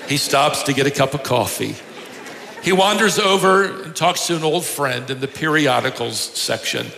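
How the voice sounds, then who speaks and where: A man's voice: on the high side, animated, normal speed, creaky, bright, forceful tone. A man preaching a sermon, telling humorous stories and chuckling at his own jokes. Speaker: pastor. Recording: echoey hall, faint noise.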